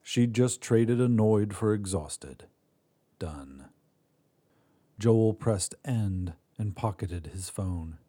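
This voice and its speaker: Mellow-voiced man narrating a story. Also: lowish voice, husky. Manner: measured, dropping quiet on sad beats. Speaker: podcast host and narrator.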